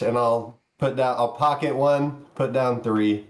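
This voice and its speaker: A man playing a tabletop game, chatting in a lively, teasing way. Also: medium pitch, measured pace, few pauses. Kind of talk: casual table talk.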